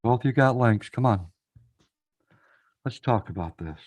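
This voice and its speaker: A man hosts a casual live stream panel, urging guests to come up and talk, repeating phrases and speaking straight to the chat. His mid-range voice has lively intonation, an unhurried pace and a slightly mellow quality.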